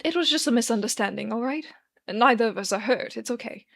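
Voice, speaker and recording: A woman doing a gentle, kindly man. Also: on the high side, fast talker, gravelly. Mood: soothing. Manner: gentle and reassuring. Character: kindly, composed man with a walking stick.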